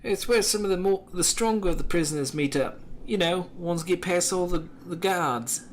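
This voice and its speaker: A man's voice: high-pitched, normal speed, a little hiss or hum, close to an everyday voice. A man voicing a scrappy young male street urchin locked in a prison, cocky and slangy, with his accent sliding toward Scottish. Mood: boastful.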